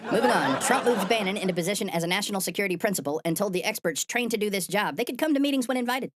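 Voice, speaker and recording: Fast-talking sardonic woman hosting satire. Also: medium pitch, background noise. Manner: sardonic, profane and deadpan. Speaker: host. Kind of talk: satirical news commentary.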